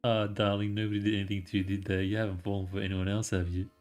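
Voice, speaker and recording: A man's voice: fairly low pitch, little pitch movement, fast, darkish tone, soft background music, natural voice. A man voicing a lovestruck, possessive young woman doll while reading game dialogue aloud, gushing and jealous. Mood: clingy.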